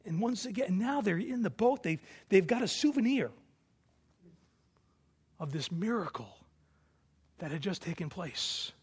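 A male pastor preaching a sermon, moving between hushed reflection and forceful declarations. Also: high-pitched, sing-song, measured pace, pauses often, slightly rough.

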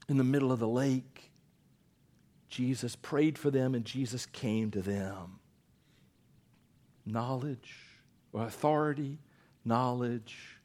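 A middle-aged man preaching a sermon, telling stories with big swings from loud to hushed. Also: on the high side.

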